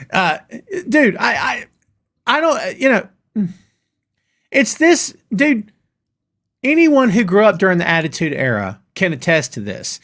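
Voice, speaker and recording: A middle-aged man rants on a live stream and reads out viewers' comments as he goes. His voice sits a bit high and swings up and down all the time. He talks loosely, calling people "brother" and "dude". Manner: animated, ranting, addresses chat as "brother" and "dude". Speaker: host of a wrestling show. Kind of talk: live-stream rant reading chat comments.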